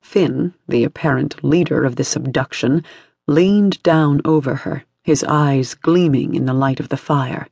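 Male audiobook narrator, husky, dry studio sound. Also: a little high, moderate pace, darkish tone, no room sound.

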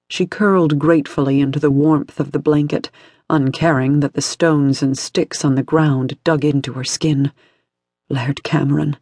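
A man narrating an audiobook in a steady, dramatic way. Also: a little high, moderate pace, no room sound, clean studio sound.

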